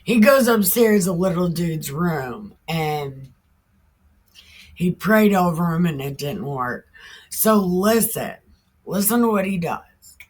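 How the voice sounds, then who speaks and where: A woman's voice: fairly low pitch, lively intonation, takes it slowly, darkish tone, husky. A woman retelling a Bible story in a casual, irreverent way, full of slang, cussing and laughing asides.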